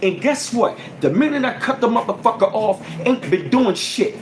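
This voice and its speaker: A man ranting casually to his livestream viewers, animated and profane, repeating himself as he goes. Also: sits high, moderate pace, roomy sound, background noise. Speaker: channel host.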